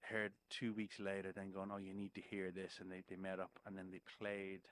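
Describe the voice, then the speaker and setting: A man's voice: low-pitched, monotone, brisk, fairly bright tone, dry recording. A man, a musician guest on a podcast, telling a story in casual chat, swearing freely and checking in with "right?".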